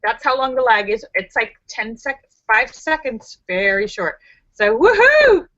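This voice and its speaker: A woman's voice: on the high side, very animated, a little slow, bright, forceful tone, lo-fi sound. A woman hosting a casual live stream, bubbly and sassy, giggling between jokes and greetings. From United States.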